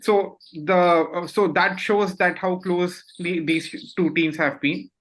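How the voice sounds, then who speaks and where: Bright-voiced man reciting facts. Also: high-pitched, fairly even intonation, takes it slowly, rough recording. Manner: methodical, lays out facts and figures. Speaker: podcast co-host. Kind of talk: casual podcast chat.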